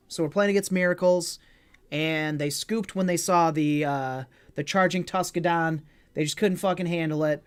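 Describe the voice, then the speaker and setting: A man casually commenting on his own online card game as a streamer, joking with chat and swearing freely. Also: sits high.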